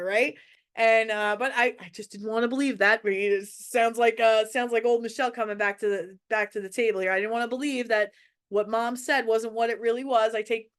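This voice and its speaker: A woman with a slightly high voice tells a personal story about raising her child. She talks casually and candidly and often goes back to restart a phrase. Her tone is open and conversational, like she is talking to other parents. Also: fairly bright tone. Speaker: mother sharing parenting advice.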